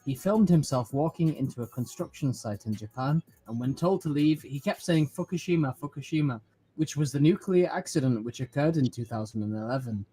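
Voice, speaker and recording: Man reading documentary narration, dark mellow voice, calm and factual. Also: medium pitch, a little fast, few pauses, faint music behind, rough recording.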